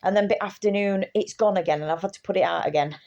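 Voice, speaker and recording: A woman's voice: on the high side, expressive, moderate pace, gravelly, a little mellow, highs cut off, voice pushed up. Woman putting on a grumbling old lady neighbour. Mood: mock-annoyed. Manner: mock-annoyed complaining.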